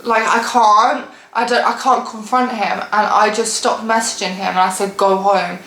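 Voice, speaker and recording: A young woman telling a storytime vlog story in an animated, exasperated way and laughing often. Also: medium pitch, moderate pace, reverberant, low-quality recording. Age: young adult. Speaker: vlogger.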